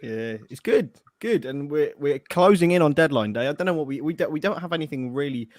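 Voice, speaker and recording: A man's voice: on the high side, expressive, a little fast, dry recording, clean studio sound. A man hosting a live football transfer chat show in a casual, rambling way. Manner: chatty, loose, restarts often. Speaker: podcast host.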